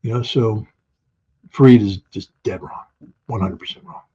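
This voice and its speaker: A man with a husky, slightly rough voice argues his points bluntly in an interview, swinging between punchy emphasis and quick asides. The audio is dull and lo-fi, as if the highs were shaved off. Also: dark tone. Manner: emphatic, blunt, rhetorical questions. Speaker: guest commentator. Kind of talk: opinionated interview talk.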